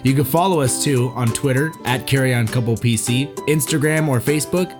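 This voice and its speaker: A woman's voice: a bass voice, fairly quick, music in the background. A woman hosting a podcast, reading the closing announcements in an upbeat, promotional way. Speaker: podcast host. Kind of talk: reading the show outro.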